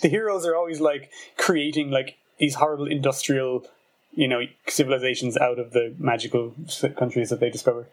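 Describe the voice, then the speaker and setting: A man's voice: mid-range voice, fairly quick. Laughing man in casual podcast chat. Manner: animated, laughs often. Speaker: podcast co-host. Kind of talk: casual book review chat.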